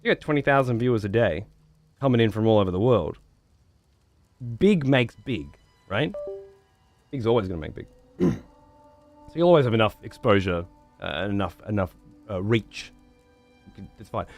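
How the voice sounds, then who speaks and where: A man's voice: fairly low pitch, animated, normal speed, pauses often, darkish tone, faint music behind. A man livestreaming, chatting to viewers in a rambling, profane way and repeating words as he thinks. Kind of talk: casual chat to stream viewers.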